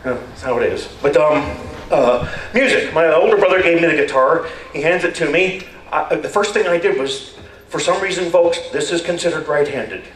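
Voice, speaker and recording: A man's voice: a little high, normal speed, a little hiss or hum. Wry older man telling stories on stage. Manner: wry, deadpan, rambling. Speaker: stand-up performer. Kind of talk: stand-up storytelling. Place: stage at a community talent show. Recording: echoey hall, voice far from mic, faint ambience.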